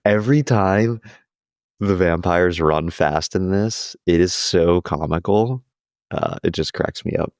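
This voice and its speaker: A man's voice: low voice, measured pace, a little mellow, dry recording, studio quality. A young man co-hosting a podcast in casual chat, laughing often as he retells scenes. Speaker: podcast co-host.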